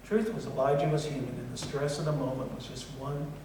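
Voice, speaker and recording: A middle-aged man preaching a blunt sermon as pastor, going from loud, forceful passages down to soft, quiet ones. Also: mid-range voice, steady tone, fairly quick, noisy background. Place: church sanctuary. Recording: echoey hall from far off.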